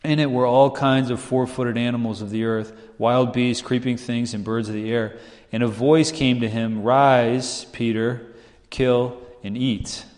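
A man's voice: medium pitch, fairly even intonation, normal speed, few pauses, a little mellow. A man preaching a sermon in a conversational way, often asking "right?" and acting out the people in his stories. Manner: conversational, asks "right?" often, acts out quoted voices. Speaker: pastor. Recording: long hall reverb.

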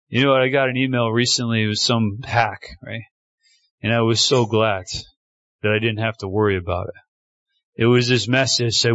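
A man's voice: mid-range voice, normal speed, fairly bright tone, no echo, muffled recording. A man preaching a sermon in a church, emphatic and repeating phrases for emphasis.

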